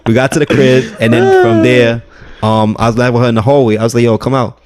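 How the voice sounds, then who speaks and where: A man's voice: mid-range voice, steady tone, fast talker, a little mellow. A man, a podcast guest in casual chat, rambling through a long story and quoting people in his own voice.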